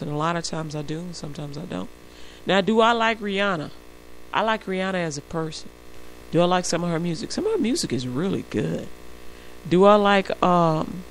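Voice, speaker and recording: Chatty woman radio host, creaky voice. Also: lowish voice, slight background noise, poor audio. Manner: chatty, laughs often, acts out voices. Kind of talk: casual Christian radio talk.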